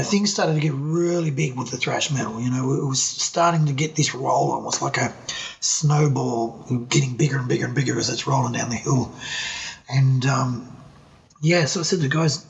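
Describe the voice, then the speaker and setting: Gravelly Australian man telling stories. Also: medium pitch, muffled recording. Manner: swears freely, repeats words, animated. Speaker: guest, band singer. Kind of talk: casual storytelling interview.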